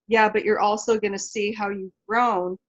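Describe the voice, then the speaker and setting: A woman's voice: mid-range voice, flat delivery, moderate pace, muffled recording. A woman in a webclass, thinking aloud and thanking the hosts with enthusiasm over a video call. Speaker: webclass participant. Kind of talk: casual chat.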